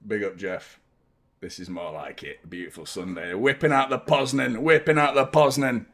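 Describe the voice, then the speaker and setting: Excitable football fan. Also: male voice, fairly low pitch, moderate pace. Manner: excitable, swearing, chanting along. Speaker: fan channel host. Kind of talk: live football watchalong commentary.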